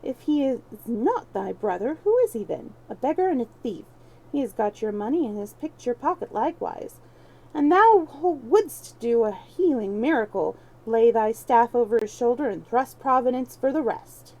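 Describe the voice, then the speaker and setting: A woman's voice: fairly high pitch, lively intonation, normal speed, a little mellow, low-quality recording. A woman voicing a proud boy king in rags, speaking stiffly and scornfully in archaic speech.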